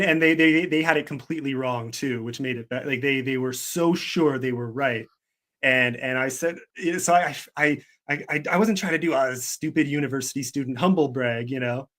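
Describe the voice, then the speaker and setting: A man's voice: on the high side, normal speed, fairly bright tone. A man from Canada, a guest author in a casual chat, telling stories animatedly with many stammers and restarts over a video call.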